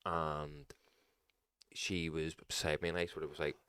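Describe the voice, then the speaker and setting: A young man, a podcast co-host, telling a sweary, animated story in casual chat. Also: very deep voice, unhurried, clear, resonant tone, no room sound, studio quality.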